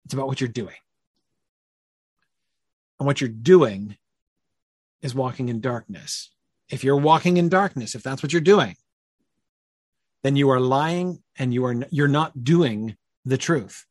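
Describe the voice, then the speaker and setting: Husky-voiced man thinking aloud. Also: mid-range voice, unhurried, pauses often, a little mellow, dry recording, studio quality. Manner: thinking aloud, many fillers and tag questions. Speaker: Bible study teacher. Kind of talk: conversational Bible study discussion.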